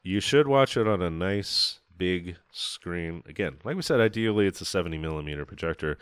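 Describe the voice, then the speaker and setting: Low, smooth-voiced man chatting casually. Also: lively intonation, brisk, no room sound. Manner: enthusiastic, profane, rambling. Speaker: podcast co-host. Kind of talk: casual film podcast chat.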